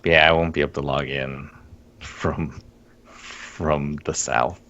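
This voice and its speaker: Man, deep voice, gravelly, co-host, laughs a lot, lo-fi sound. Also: little pitch movement, takes it slowly, a bit bright. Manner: laughs often, rambling and wry. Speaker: podcast co-host. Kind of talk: casual gaming chat. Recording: dull lo-fi stream audio.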